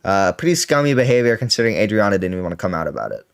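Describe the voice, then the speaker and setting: A male streamer talks over clips in a loose, swearing, rambling way, often stopping to correct himself. His pitch swings widely as he tells the story. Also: very animated, racing, creaky, smooth. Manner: profane, rambling, self-correcting. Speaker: streamer hosting a reaction show. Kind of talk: casual commentary on clips.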